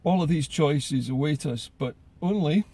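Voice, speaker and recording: A man's voice: fairly high pitch, a little slow, warm tone, husky. A man giving solo political commentary in an earnest way, often repeating words as he gathers his thoughts.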